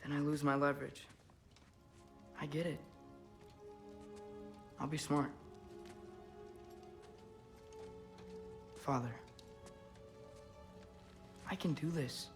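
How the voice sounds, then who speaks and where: Earnest young Atreus, slow and soft. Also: male voice, fairly high pitch, fairly even intonation, over music. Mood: resolute. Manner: soft-spoken, reassuring. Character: earnest teenage boy, gentle and determined. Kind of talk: game cutscene acting.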